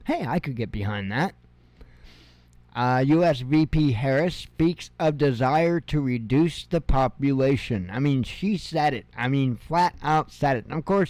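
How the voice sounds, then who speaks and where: A man in his fifties reads out news headlines one after another, stopping to toss in sarcastic, chuckling remarks. He talks slowly and unhurriedly, and his voice comes through smooth and clear, recorded dry and close to the mic. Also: medium pitch, a little mellow, no room sound. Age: 50s. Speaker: news show host. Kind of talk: casual headline reading with commentary.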